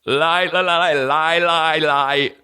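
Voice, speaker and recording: A man's voice: on the high side, fairly even intonation, slow pace, pushed and bright, clean tone, pitched above the performer's own voice. A man putting on a stuttering, posh British king, stalling over repeated syllables in a British accent. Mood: stammering.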